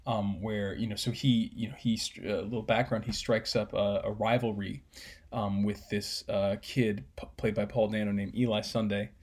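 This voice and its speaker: Low, husky man talking film. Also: level tone, normal speed, a little mellow. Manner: rambling, many fillers, casual swearing. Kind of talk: casual film discussion.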